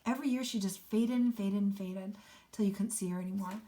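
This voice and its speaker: A woman's voice: medium pitch, a little fast, mellow, a little hiss or hum. Woman teacher reading aloud and explaining. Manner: explanatory, with asides. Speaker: English teacher. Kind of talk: read-aloud with commentary.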